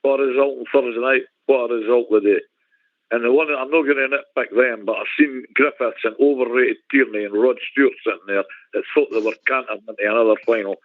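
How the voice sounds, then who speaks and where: A man's voice: medium pitch, steady tone, a little fast, no room sound. A man in his forties calling into a radio show, ecstatic and punchy. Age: 40s. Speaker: caller. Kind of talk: casual phone-in chat. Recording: tinny phone line.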